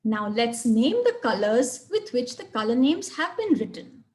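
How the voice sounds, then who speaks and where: A woman presenting a webinar on reading fluency, explaining in a clear, measured way and stressing words in her example sentences. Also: on the high side, sing-song, a little mellow. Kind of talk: webinar lecture.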